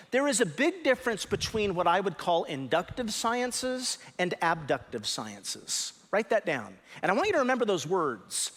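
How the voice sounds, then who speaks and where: A man preaching a sermon as pastor, emphatic and animated, stressing words sharply and teaching his congregation. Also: sits high, big-room sound. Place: church sanctuary.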